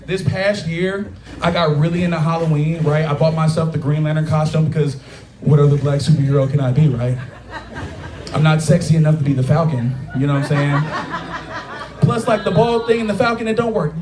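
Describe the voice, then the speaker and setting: A man in his late twenties doing a profane, animated stand-up set, acting out quotes, on a taproom stage. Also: fairly high pitch. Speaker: stand-up comedian. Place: taproom stage with a live audience. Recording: echoey bar room with loud crowd laughter.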